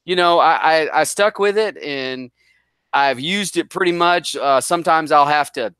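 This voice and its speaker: A middle-aged man from the northern US tells a long, rambling story with a bright, forceful edge to his voice. He jokes at his own expense as he goes, and the sound is close and dry. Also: fairly high pitch, a little slow, smooth, dry recording. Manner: rambling, self-deprecating, jokes around. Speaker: guest. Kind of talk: casual storytelling.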